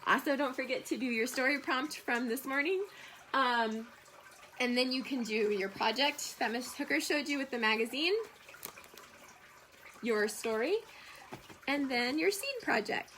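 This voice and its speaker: Gentle high-voiced woman teacher. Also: measured pace, long pauses, slight background noise, low-quality recording. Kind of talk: remote homeroom lesson for children.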